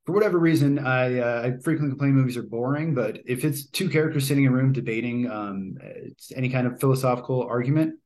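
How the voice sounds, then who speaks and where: A man's voice: medium pitch, fast talker, darkish tone. A man giving a casual, rambling spoken movie review, with lots of fillers and restarts.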